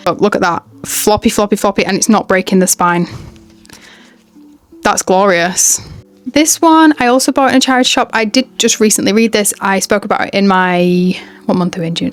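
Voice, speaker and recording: Young woman vlogger, mid-range voice, rambling enthusiastic chat with faint music underneath. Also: medium pitch. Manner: chatty, rambling, self-interrupting, enthusiastic. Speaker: book and haul vlogger. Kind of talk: casual chat to camera.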